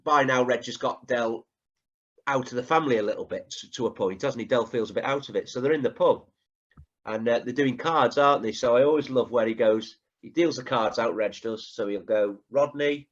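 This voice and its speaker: A man chatting on a podcast over a video call, his voice at an everyday middle pitch. The sound is slightly dull and lo-fi. He retells scenes and keeps checking that the others agree. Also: brisk. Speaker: podcast co-host. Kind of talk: casual chat.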